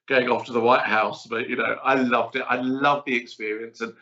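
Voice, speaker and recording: Middle-aged male chef guest, lively and chatty storyteller; bright tone over dull audio. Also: mid-range voice, normal speed. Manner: chatty, animated, rambling storyteller. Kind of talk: casual interview chat.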